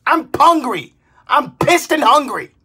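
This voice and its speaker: A woman in her twenties, a vlogger, delivering an exasperated comedic rant, swearing and bursting into shouts. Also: sits high, very animated, slow pace. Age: 20s.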